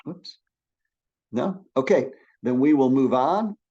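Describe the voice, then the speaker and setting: Middle-aged man, college lecturer, upbeat and encouraging, mid-pitched voice, talks with restarts. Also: slow, dull audio. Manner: energetic, encouraging, with frequent restarts. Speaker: public speaking instructor. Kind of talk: classroom lecture.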